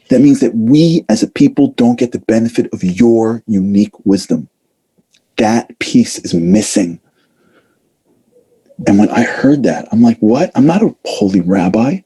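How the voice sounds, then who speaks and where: Middle-aged male speaker, animated talk, dark husky tone, acts out quotes. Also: medium pitch. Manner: animated, acts out voices, casual fillers. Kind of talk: lively motivational talk.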